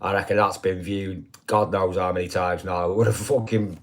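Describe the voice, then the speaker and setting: A man's voice: low-pitched, flat delivery, normal speed. Sweary older man rambling on a stream. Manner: rambling, heavy swearing, constant "do you know what I mean". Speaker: live streamer. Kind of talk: casual live-stream chat.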